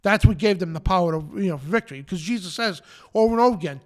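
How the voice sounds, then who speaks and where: A man's voice: sits high, animated, quick pace. A man hosting a live show, preaching in an emphatic, defiant rant and repeating his phrases. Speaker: show host.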